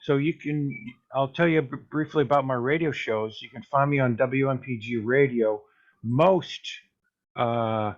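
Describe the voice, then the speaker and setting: A male radio host talks through a casual chat at a middle pitch. He sounds easygoing and chuckles between points. The recording of his voice sounds slightly muffled and dull. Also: a little slow.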